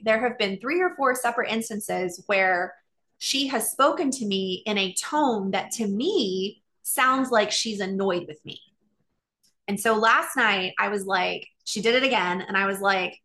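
Bright, gravelly-voiced middle-aged woman. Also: medium pitch, unhurried. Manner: earnest, open, conversational with many "like" fillers. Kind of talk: reflective casual monologue.

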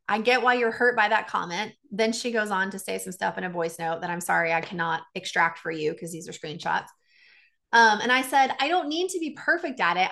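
A woman coach talking casually and candidly, retelling a conversation with a friend and quoting both sides. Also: medium pitch. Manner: candid, animated retelling with quoted dialogue. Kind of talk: casual solo talk.

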